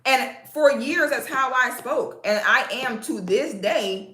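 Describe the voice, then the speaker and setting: A woman's voice: high-pitched, lively intonation, takes it slowly, reverberant. A woman from Central Florida with a Southern accent, hosting a live stream and talking bluntly and sassily to her viewers with plenty of cursing. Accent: Southern American, Florida. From Central Florida, USA. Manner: sassy, profane, sharp comebacks.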